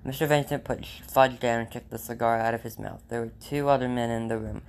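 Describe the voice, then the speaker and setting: A man's voice: mid-range voice, steady tone, brisk, vocal fry. A man reading a children's novel aloud in a plain way, with small slips and restarts. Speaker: reader.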